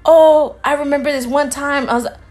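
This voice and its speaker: A woman's voice: high-pitched, fairly even intonation, fairly quick, darkish tone. A woman co-hosting a podcast, telling a story in casual chat, acting out both sides of the conversation, swearing freely and dropping in Spanish phrases. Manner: drops Spanish phrases into her talk. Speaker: podcast co-host.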